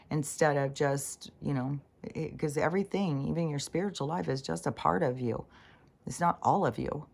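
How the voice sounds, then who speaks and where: A woman's voice: low-pitched, normal speed, gravelly. A woman in her sixties talking in a rambling, frank monologue full of fillers and restarts. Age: 60s. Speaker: spiritual channeler. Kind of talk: casual monologue.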